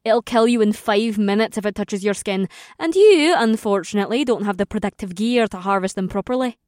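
A chirpy, knowing young spirit woman speaks from a disembodied distance in this audiobook, as a male narrator puts her on. Her voice sits high and light with a teasing edge. The sound is close and dry. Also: fairly quick, darkish tone, no echo, close to an everyday voice. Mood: warning. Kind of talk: audiobook character voice.

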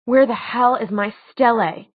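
A woman voicing a steady, tough young male fighter who speaks curtly and firmly. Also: fairly high pitch, measured pace. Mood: tense. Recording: tinny phone-like dry sound.

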